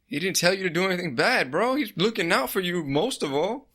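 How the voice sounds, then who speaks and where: Podcast guy, bright voice, swears a lot, blunt slangy chat. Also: sits high, expressive, a little fast. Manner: profane, blunt, slangy banter. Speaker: podcast co-host. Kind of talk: casual chat.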